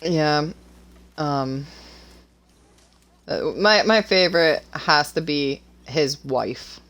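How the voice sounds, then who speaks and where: A woman with a lowish voice talks casually about her own story while playing a game. She is nervous and rambles, with plenty of fillers and restarts. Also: very slow, a bit bright. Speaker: author and co-host. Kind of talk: casual chat while gaming.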